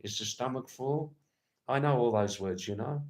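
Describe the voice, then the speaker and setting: A man hosting a casual livestream from Nepal, answering viewer comments in a slow, rambling, playful way and often repeating his words. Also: medium pitch, darkish tone. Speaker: livestream host.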